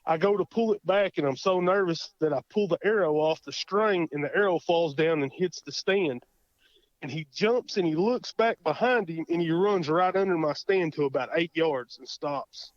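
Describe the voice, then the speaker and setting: A man with an Oklahoma accent, a guest telling a hunting story in a casual interview, folksy and animated, acting out his own thoughts. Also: on the high side, moderate pace, no echo. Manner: folksy, animated, lots of quoted self-talk. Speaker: guest hunter. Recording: muffled dry podcast audio.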